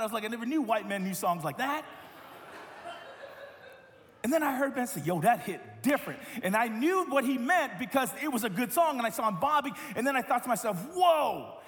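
A man preaching a sermon as a pastor, telling stories with lively quoted voices and many repeated words. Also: high-pitched, long reverb tail.

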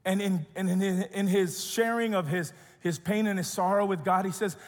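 High-voiced preacher in a reverberant hall. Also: male voice, steady tone, moderate pace, few pauses. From grew up as an immigrant. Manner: earnest preaching, shifts between loud and hushed. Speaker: pastor. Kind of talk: sermon.

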